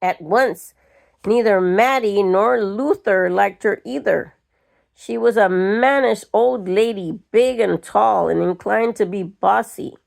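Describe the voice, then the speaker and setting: An older woman reading a short story aloud in a slow, measured way. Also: medium pitch, gravelly, darkish tone. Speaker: reader.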